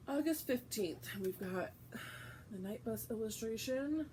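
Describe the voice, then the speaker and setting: A woman's voice: a little high, expressive, unhurried, mellow, slight background noise, low-quality recording. A woman hosting a casual vlog, reading aloud from a book and chatting, with frequent fillers and self-corrections. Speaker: host.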